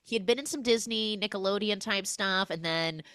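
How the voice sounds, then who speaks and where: A young adult woman hosting a podcast, recapping a film in a casual, animated storytelling way. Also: mid-range voice, moderate pace, no echo, clean studio sound. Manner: animated storytelling, acting out characters. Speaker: podcast host.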